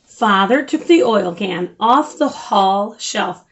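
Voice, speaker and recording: An older woman hosting a children's story time, reading a picture book aloud in an animated, sing-song way. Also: medium pitch, takes it slowly. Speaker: storyteller host.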